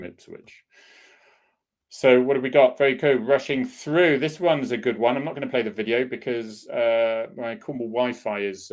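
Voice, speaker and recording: A middle-aged man, a former police officer, hosting a casual solo chat in a rambling, opinionated way. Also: fairly low pitch. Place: home in Cornwall.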